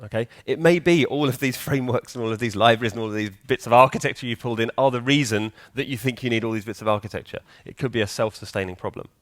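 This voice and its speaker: A man's voice: medium pitch, quick pace, hardly any pauses, a bit bright. A man giving a live conference talk in a hall, chatty and joking, quizzing the audience. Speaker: conference speaker.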